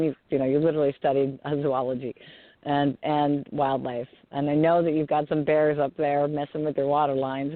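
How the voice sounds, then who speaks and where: A man's voice: fairly high pitch, no echo. A man hosting an interview, asking questions in an enthusiastic, encouraging way. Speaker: interview host. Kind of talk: casual interview. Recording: tinny phone-like call audio.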